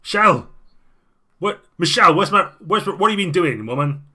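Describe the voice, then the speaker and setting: A man's voice: medium pitch, moderate pace, fairly bright tone, close to an everyday voice. A man voicing a grumbling older former alderman who rants nostalgically about the old days. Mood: shouting. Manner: ranting, complaining, nostalgic.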